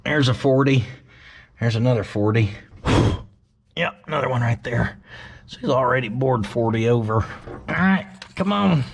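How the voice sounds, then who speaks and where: A man's voice: mid-range voice, animated, a little slow, long pauses, husky. A man chatting casually and joking as he works on an old truck in his shop. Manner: folksy, joking, talks to himself and his dog. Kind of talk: casual workshop vlog narration.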